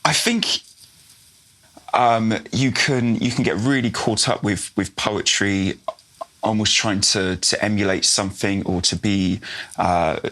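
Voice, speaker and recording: A man's voice: low voice, fairly bright tone. A man as a podcast guest, answering hesitantly with many restarts and frequent laughs. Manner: hesitant, repeats words, laughs a lot. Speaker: guest, slam poet. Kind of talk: casual interview chat.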